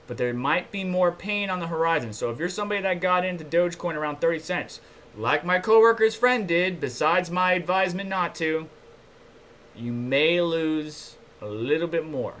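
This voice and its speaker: A man's voice: on the high side, a bit bright. A man hosting a casual crypto news livestream, reading articles aloud and chatting loosely with viewers between them. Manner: chatty and loose, asides to viewers, reads articles then comments.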